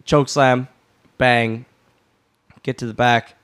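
A man guesting on a podcast, telling a backstage story in a lively way and swearing freely. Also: mid-range voice, measured pace, pauses often, clean tone.

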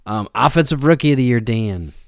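A man's voice: mid-range voice, lively intonation, a little fast, vocal fry, dry recording, studio quality. A man hosting a sports podcast in easygoing casual chat, laughing often. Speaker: podcast host.

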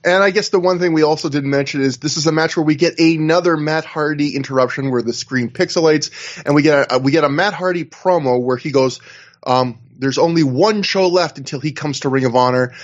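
A man's voice: a little high, fairly quick, highs cut off. A man co-hosting a casual wrestling podcast over a video call, recapping at length and acting out what others said. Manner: rambling, animated recaps with acted-out quotes. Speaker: podcast co-host.

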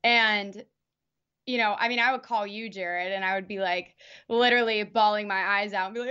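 A young actress chatting as an interview guest, rambling with lots of fillers and restarts. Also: female voice, mid-range voice, fairly even intonation, normal speed, sharp tone, clean tone, muffled recording. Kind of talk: casual interview.

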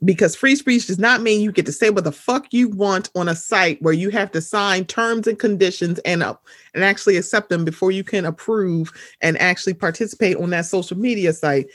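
Animated young woman. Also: medium pitch, fairly quick, no echo, clean studio sound. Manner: animated, acts out her own reactions in quoted asides. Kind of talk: casual chat.

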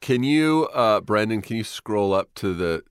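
A man co-hosting a casual chat, interjecting with quick jokes and reactions. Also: lowish voice, animated, smooth, no room sound, studio quality.

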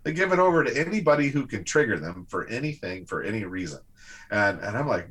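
A man in casual conversation, reflective and explanatory, with a husky voice. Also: lowish voice, big pitch swings, quick pace, fairly bright tone. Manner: reflective, explanatory, some restarts.

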